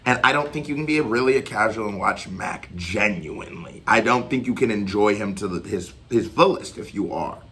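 A man hosting a reaction channel, giving casual commentary that swings from excited shouts and laughter to fast, loose explaining. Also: on the low side.

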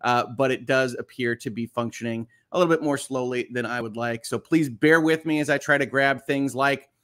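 A man's voice: mid-range voice, fairly even intonation, brisk, fairly bright tone. A man hosting a morning livestream on legal news, chatty and upbeat as he greets viewers and reads their comments aloud. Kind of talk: casual livestream chat.

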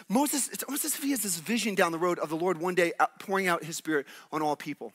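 A male pastor preaching a sermon in an animated, playful way, acting out characters from the story. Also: high voice, a little fast.

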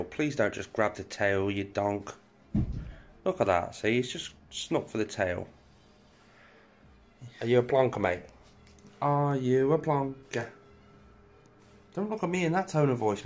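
A British man, a reptile keeper and channel host, chatting casually as he walks through his reptile room at night and talks to his animals. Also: medium pitch. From England. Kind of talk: casual walk-through narration.

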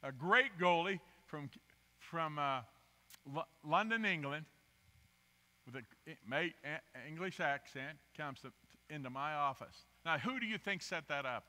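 A man preaching as a guest speaker, telling personal stories with animated, rising emphasis. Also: fairly high pitch, slow pace. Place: church sanctuary. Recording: long church hall reverb.

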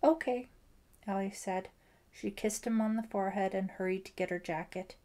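A woman narrating a suspense novel as an audiobook, in a measured, even storytelling manner. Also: mid-range voice. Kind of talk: scripted narration.

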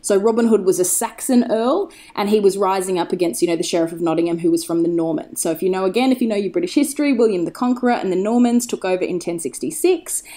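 A woman appears as a podcast guest in a casual chat, chatty and enthusiastic, drifting into tangents while telling her story. Her warm, medium-pitched voice moves fast with few pauses.

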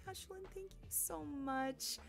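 A bubbly woman with a fairly high voice talks casually to her live stream audience. She giggles often and thanks viewers warmly, while soft lo-fi music plays faintly underneath. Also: slow pace, creaky. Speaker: game streamer.

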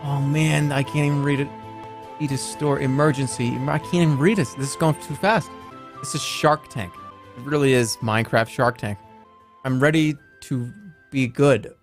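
A man's voice: medium pitch, music in the background. A man in his thirties, a streamer chatting casually and joking while playing a game, reading messages aloud as he goes. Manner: joking, reacting fast, reading chat aloud.

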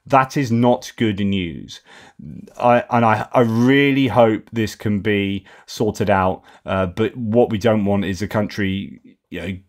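A man's voice: fairly low pitch, slow pace. A man with an English accent hosting a news update, reading from reports and commenting off the cuff, stumbling over names and filling gaps with "uh". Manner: hesitant, with frequent fillers and restarts over names. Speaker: host of a daily news update show.

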